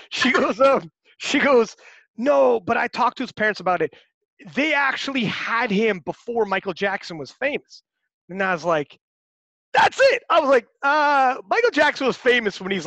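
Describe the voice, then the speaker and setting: A man in his forties hosting a casual chat, telling profane, animated stories. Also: very high-pitched, moderate pace, no room sound. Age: 40s.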